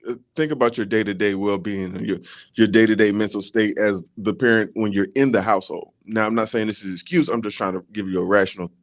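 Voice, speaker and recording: A man co-hosting a podcast, laying out his reasoning in a measured way with frequent fillers. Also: lowish voice, steady tone. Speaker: podcast co-host. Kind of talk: casual chat.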